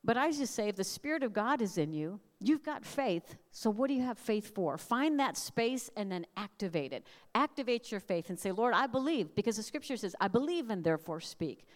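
A woman's voice: mid-range voice, animated, normal speed, few pauses. A middle-aged woman giving a conversational, storytelling sermon. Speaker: speaker. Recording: reverberant hall.

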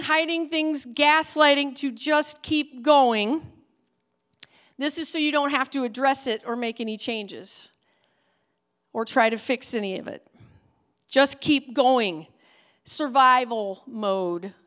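Earnest high-voiced woman teaching. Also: fairly bright tone. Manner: earnest, emphatic, conversational. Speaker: ministry trainer for children's pastors. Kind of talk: teaching talk.

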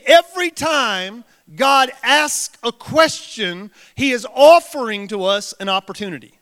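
A man's voice: extremely high pitch, lively intonation, a little slow, hardly any pauses, sharp tone, clean tone. A male pastor preaching a sermon to a congregation, building his points through rhetorical questions and repeated phrases. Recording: long reverb of a large hall.

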